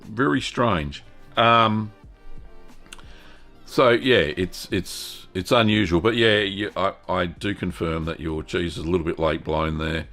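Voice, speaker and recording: Slow, deep-voiced Australian man. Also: faint music behind. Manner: relaxed and chatty, with frequent ums and self-corrections. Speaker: host. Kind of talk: live-stream cheese-making chat.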